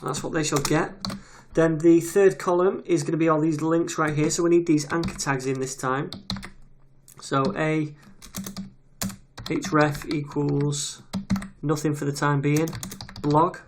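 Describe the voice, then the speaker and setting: Easygoing male tutor voicing a screen recording, relaxed and chatty, keyboard clicks underneath. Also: a little high, unhurried. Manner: casual, chatty, reads details aloud while typing. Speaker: web development tutor. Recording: audible keyboard typing noise. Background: keyboard clicks and typing.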